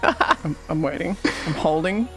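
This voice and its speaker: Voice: mid-range voice, lively intonation, a little slow, fairly bright tone, faint music behind. A streamer bantering playfully, repeating greetings and laughing often. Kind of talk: casual banter between streamers.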